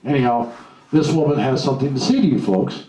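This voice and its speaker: Animated and a little fast, this seminar speaker has a medium-pitched, dark voice and sits far from the mic. He delivers an emphatic motivational talk to a live crowd, performing the voices of those he quotes, in an echoey room with faint hiss.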